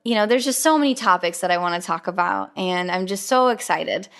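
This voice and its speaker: A woman's voice: on the low side, sing-song, fairly quick, a bit bright. A young woman hosting her own podcast, talking alone in a chatty, earnest way with many fillers and quoted asides. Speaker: podcast host. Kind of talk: casual solo podcast monologue.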